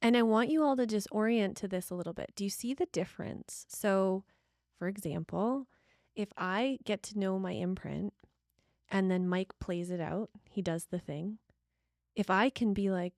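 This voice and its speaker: A middle-aged woman co-hosting a relationship talk, emphatic and lively, with laughs breaking in as she makes her points. Her voice sits at an ordinary pitch for a woman and is recorded close and dry, with no room sound. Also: normal speed, no room sound. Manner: animated, emphatic, laughs often. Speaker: podcast co-host.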